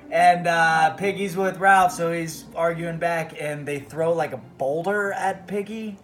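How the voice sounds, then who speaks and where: A man's voice: on the high side, unhurried, background noise. A man hosting a podcast, giving a profane, rambling, comedic book report. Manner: profane, rambling, animated retelling. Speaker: podcast host.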